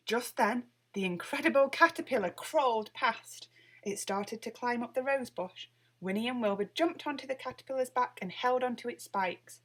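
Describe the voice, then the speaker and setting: A woman reading a children's picture book aloud with lively, expressive storytelling. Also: a little high, moderate pace. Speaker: storybook reader.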